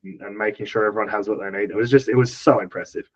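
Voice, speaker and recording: An Australian man talking as a podcast guest, telling stories in a relaxed way with lots of fillers and chuckles. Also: fairly low pitch, fast talker, highs cut off. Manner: laid-back, chuckling storyteller with many fillers. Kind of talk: casual chat.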